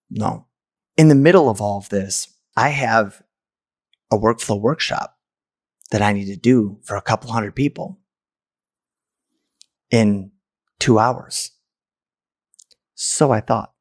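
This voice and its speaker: A man, a podcast host, telling a personal story candidly and emotionally, stammering and restarting as he goes. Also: fairly low pitch.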